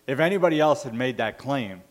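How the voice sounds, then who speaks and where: Man preaching a conversational sermon. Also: mid-range voice. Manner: conversational, self-correcting with fillers. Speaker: pastor.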